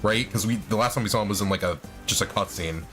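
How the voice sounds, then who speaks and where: A man's voice: on the low side, fast, fairly bright tone, soft background music. A young man casually commenting on a video game stream, rambling, swearing and laughing often. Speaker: let's play streamer.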